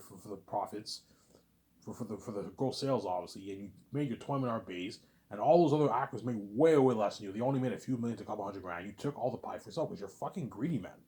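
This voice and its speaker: Fast-talking, low-voiced rambling man. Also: darkish tone. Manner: rambling, swears often, repeats words, says "man" a lot. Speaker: vlogger. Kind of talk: casual ranting monologue.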